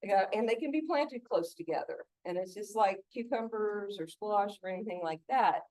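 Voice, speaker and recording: A woman's voice: medium pitch, lively intonation, normal speed, darkish tone, dry recording. A middle-aged woman giving a casual gardening talk, chatty and laughing often between stories. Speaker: gardening instructor.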